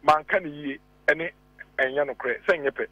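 A man with a Ghanaian accent calling in as a radio guest, arguing deliberately with rhetorical questions, heard over a phone line. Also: fairly high pitch, sharp tone, no room sound. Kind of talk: radio talk show discussion.

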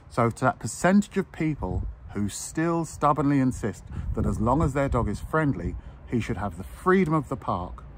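Man, dog trainer, blunt lecturing advice, lively swooping pitch, faint traffic behind. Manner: blunt, lecturing, mimics owners in a raised voice. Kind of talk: direct-to-camera advice talk.

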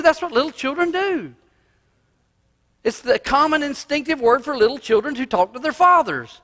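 Animated preacher with a bright voice. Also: male voice, very high-pitched, moderate pace. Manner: animated, swinging from loud cries to hushed asides. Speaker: pastor. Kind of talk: sermon. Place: church sanctuary. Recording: long reverb of a church hall.

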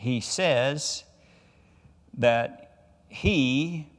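A man, a pastor, teaching a Bible study sermon, reading scripture deliberately and rising in emphasis on key words. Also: mid-range voice, long reverb tail. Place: church sanctuary.

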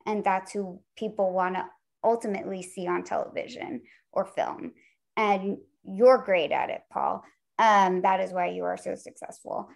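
A woman's voice: medium pitch, steady tone, normal speed, vocal fry. A woman talent manager, a guest on an interview show, giving earnest, encouraging advice with frequent fillers.

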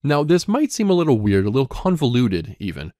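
A man teaches a coding lesson in a mid-range voice, reading each line of code aloud as he explains it. His pitch rises and falls a lot as he talks. The recording is dry, close to the mic. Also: fairly quick, no room sound. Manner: lively ups and downs in pitch. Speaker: coding instructor.

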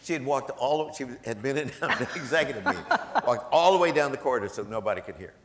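A man's voice: mid-range voice, expressive, fast talker. A man speaking as a guest at a gala, telling humorous stories to a live audience in a chatty, jokey way and quoting the people in them. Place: large event hall. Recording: echoey hall.

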